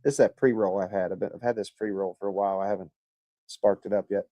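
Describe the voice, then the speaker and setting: A man's voice: fairly low pitch, steady tone, fast talker, dark tone, no room sound. A man hosting a livestream, chatting casually and reading viewer comments, rambling, joking and swearing a lot. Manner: laid-back and rambling. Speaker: livestream host.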